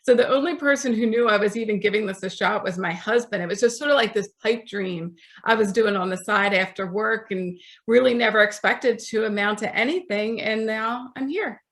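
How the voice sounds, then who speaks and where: A woman's voice: mid-range voice, a little fast, few pauses, fairly bright tone. A woman in her forties, an author being interviewed, telling stories in a chatty way and acting out the voices of people she quotes. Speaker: author, podcast guest.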